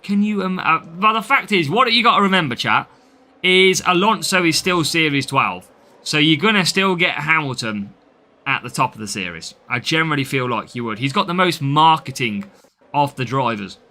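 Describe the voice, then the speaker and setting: A man's voice: on the high side, lively intonation, moderate pace, sharp tone. A man from the English Midlands with a Midlands accent, chatting through a live game stream and answering viewers' comments as he plays.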